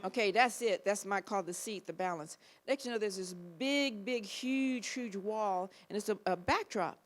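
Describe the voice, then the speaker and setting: A woman guest at a film Q&A, telling an animated anecdote and acting out the people in it. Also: mid-range voice, normal speed. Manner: lively storyteller who acts out the people in her story.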